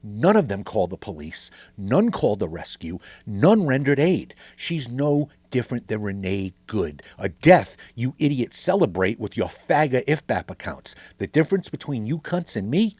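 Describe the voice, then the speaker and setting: A man's voice: medium pitch, very animated, moderate pace, hardly any pauses, darkish tone, breathy edge, no echo. A middle-aged man hosting a podcast, delivering an angry, sarcastic, swearing political rant. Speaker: podcast host.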